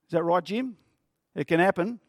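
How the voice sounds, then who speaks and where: A man's voice: high voice, moderate pace, no echo, clean studio sound. A male pastor preaching a sermon in an earnest, conversational way, often repeating words and asking the congregation questions.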